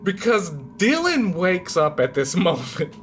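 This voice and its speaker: A young man telling a personal story in casual speech, laughing through parts and dropping to a hush in tense moments. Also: sits high, unhurried, soft background music. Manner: laughs through the story, swings from excited to hushed.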